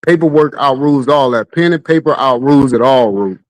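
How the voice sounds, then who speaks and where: A man's voice: medium pitch, a little fast, dry recording, rough recording. A man arguing as a guest on a live stream panel, insistent, repeating his points and the other man's name. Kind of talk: argumentative debate.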